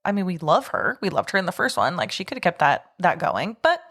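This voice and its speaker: A woman's voice: lowish voice, big pitch swings, fairly quick, a bit bright. A young woman co-hosting a podcast, chatting casually, laughing often and sharing fun facts. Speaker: podcast co-host.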